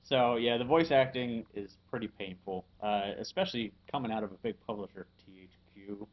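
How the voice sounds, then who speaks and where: A man hosting a casual podcast and reviewing a video game. He talks in a halting way, with lots of fillers and frequent chuckles. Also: on the low side, highs cut off.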